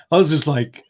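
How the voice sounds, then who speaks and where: A man's voice: on the high side, a little mellow. A man hosting a casual live stream chat, rambling, swearing freely and laughing often.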